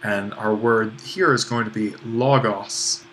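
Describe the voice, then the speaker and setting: A man's voice: on the low side, slow, fairly bright tone, slight background noise. A man teaching a recorded online lesson on Greek accents, explaining step by step in an easygoing way, with fillers and self-deprecating asides. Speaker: Greek language instructor.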